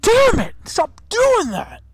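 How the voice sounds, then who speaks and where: A man voicing a pudgy, shady male slave auctioneer who yelps and whines in a high, strained voice. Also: wildly swooping pitch, slow pace, crowd noise, heavily acted. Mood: whiny. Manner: shrieking, panicked yelps.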